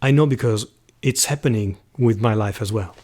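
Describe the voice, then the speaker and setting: A man hosting a Catholic channel, who gives an earnest, heartfelt reflective talk and reads poetry slowly, with some soft whispered passages. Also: lowish voice.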